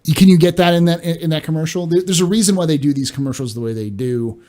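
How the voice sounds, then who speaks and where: Chatty male streamer, halting speech. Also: fairly high pitch, warm tone. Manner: halting, repeats words, chatty. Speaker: live-stream host. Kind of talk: casual live-stream chat.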